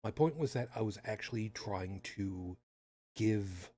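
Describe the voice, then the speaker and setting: A man's voice: fairly low pitch, expressive, unhurried, warm tone. A man hosting a podcast in casual chat, talking with sarcastic, rambling asides. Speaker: podcast host.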